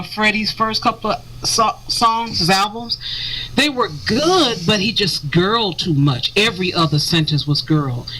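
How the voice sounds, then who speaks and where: A woman's voice: fairly low pitch, fairly bright tone, a little hiss or hum, rough recording. A woman co-hosting a radio show, telling stories and mimicking people for laughs. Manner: storytelling, mimicking others for laughs. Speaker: radio co-host. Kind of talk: casual radio chat.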